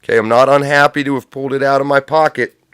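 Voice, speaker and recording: A man's voice: medium pitch, steady tone, fast, fairly bright tone, clear, resonant tone, dry recording, studio quality. A man hosting a livestream, delivering sardonic, profane political commentary full of absurd tangents. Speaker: livestream host.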